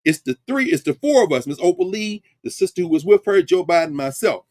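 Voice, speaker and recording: A middle-aged man giving an informal, conversational lecture as the host of an online class. He is emphatic and animated, with frequent asides. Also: sits high, fairly quick, no room sound, studio quality. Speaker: professor hosting an online class.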